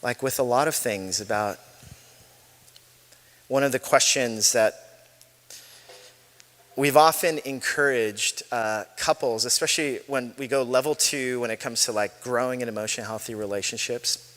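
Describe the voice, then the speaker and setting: A man's voice: mid-range voice, moderate pace, long pauses, a bit bright. A man in his forties preaching a sermon as pastor, chatty and self-deprecating, telling stories with laughs. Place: church sanctuary. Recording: long hall reverb.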